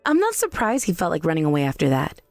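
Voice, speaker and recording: A woman voicing a cool young wife in a scripted drama, who accuses in a calm, cutting way. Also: sits low, quick pace, dry recording, faint music behind, heavily acted. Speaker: daughter-in-law.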